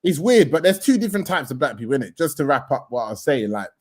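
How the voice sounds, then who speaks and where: A man's voice: on the high side, sing-song, quick pace. A young man making emphatic points in a casual chat, often laughing. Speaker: guest.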